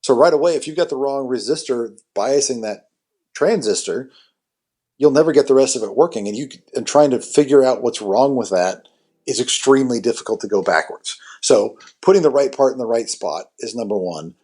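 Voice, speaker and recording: Male podcast guest, amp builder, talks loosely, filler-heavy, mid-pitched voice. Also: lively intonation, moderate pace, a little mellow, breathy edge. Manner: rambling, many fillers like "you know". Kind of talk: casual technical podcast chat.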